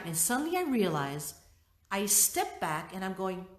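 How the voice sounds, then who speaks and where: A middle-aged woman leading a workshop, teaching and telling a personal story in an expressive way, acting out her own thoughts. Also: medium pitch, measured pace. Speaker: workshop leader. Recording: roomy echo.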